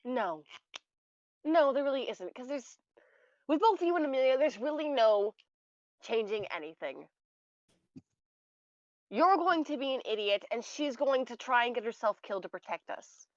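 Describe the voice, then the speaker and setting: A woman's voice: high voice, lively intonation, normal speed, pauses often, dry recording, dull audio. A woman voicing a female warrior who angrily scolds a reckless companion in a tabletop game. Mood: exasperated. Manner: scolding, indignant.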